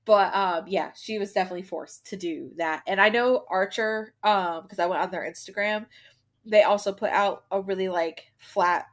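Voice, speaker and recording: A woman's voice: mid-range voice, fairly even intonation, normal speed. A woman co-hosting a casual book podcast, talking emphatically with lots of "like" and slangy asides. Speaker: podcast co-host. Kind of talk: casual chat.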